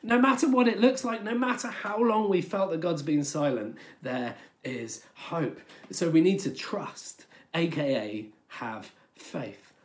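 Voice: mid-range voice, a little slow, few pauses. A preacher giving a sermon in a conversational, storytelling way, often using filler words.

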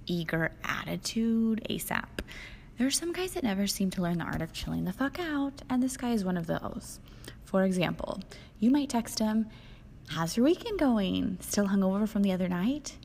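A woman's voice: medium pitch, darkish tone, slight background noise. A young woman hosting a sassy, profane comedic monologue. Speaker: host.

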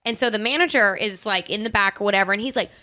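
A woman in her twenties hosting a podcast, telling a dating story in casual chat with lively, dramatic retelling. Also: mid-range voice, quick pace. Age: 20s. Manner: animated, dramatic retelling with laughter. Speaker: podcast host.

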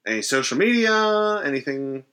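A man co-hosting a podcast in casual chat, jokey and animated. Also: fairly high pitch, normal speed, smooth. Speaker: podcast co-host.

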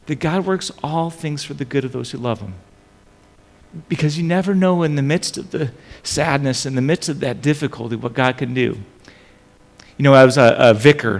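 Middle-aged male pastor, gravelly voice, animated sermon storytelling, reverberant hall. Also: mid-range voice. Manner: animated storytelling with frequent restarts.

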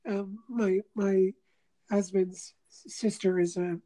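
A woman's voice: mid-range voice, takes it slowly, low-quality recording. A middle-aged woman in casual chat, telling a story with lots of laughter and acted-out quotes. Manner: animated storyteller, laughs often, acts out quotes.

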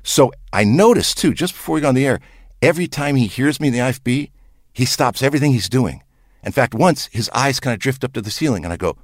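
A man who directed a television broadcast, telling an anecdote in an animated way and acting out both sides of a conversation. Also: medium pitch, brisk, no echo, studio quality. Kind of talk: anecdotal storytelling.

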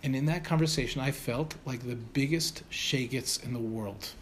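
A middle-aged man telling an anecdote to an audience in an animated way, acting out the people in it. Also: mid-range voice, normal speed, a little hiss or hum. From United States. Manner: animated, acts out the voices of the people in his stories. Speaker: storyteller.

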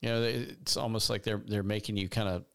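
A man co-hosting a casual talk show, speaking in a measured, hesitant way and often restarting his phrases. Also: fairly low pitch, level tone, creaky, smooth. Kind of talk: casual commentary chat.

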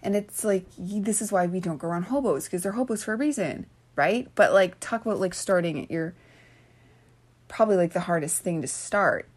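A woman's voice: on the low side, brisk. A woman hosting a podcast, rambling earnestly in a Valley-girl-ish way with lots of "like" and casual swearing. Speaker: podcast host. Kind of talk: casual spiritual monologue.

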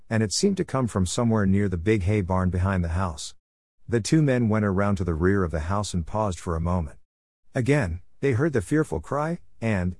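A man reading a ghost story aloud in a measured, solemn narration style. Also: deep voice, a little mellow, no echo. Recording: dry close recording.

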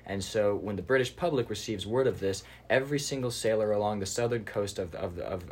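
A man's voice: sits low, a little hiss or hum. A man co-hosting a casual podcast, retelling war history with enthusiasm. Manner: fast-talking, enthusiastic storyteller. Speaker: podcast co-host. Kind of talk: casual chat.

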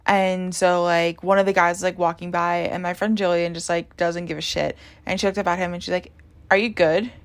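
A woman's voice: lowish voice, little pitch movement, brisk, few pauses. A young woman hosting a podcast, telling a story casually with lots of "like" and "um" fillers. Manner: chatty, heavy use of "like" and "um". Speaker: podcast host.

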